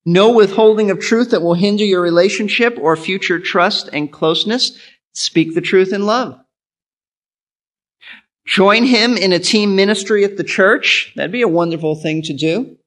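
A man's voice: high voice, normal speed, fairly bright tone. A male pastor giving an earnest sermon, teaching in an instructive way and repeating his key points.

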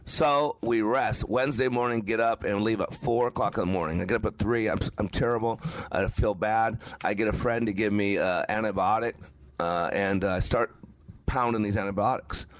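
A man's voice: on the low side, moderate pace, no echo. Emphatic man telling a personal story. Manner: emphatic, repetitive, with faltering restarts. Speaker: motivational show host.

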